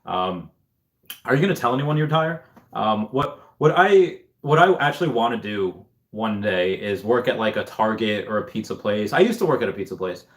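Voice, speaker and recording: Guy on a livestream reading chat, kinda low voice, rambles and thinks out loud. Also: sing-song, normal speed. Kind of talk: casual live-stream chat.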